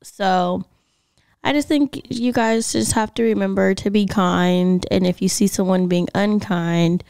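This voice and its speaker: A woman co-hosting a podcast in casual chat, relaxed and supportive. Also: medium pitch, measured pace, vocal fry, clear, resonant tone, no echo, clean studio sound. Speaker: podcast co-host.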